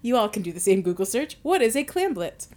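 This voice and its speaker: A woman's voice: medium pitch, big pitch swings, fairly quick, darkish tone. A woman co-hosting a casual podcast, laid-back and a bit hesitant, reading from notes. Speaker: podcast co-host. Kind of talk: casual chat.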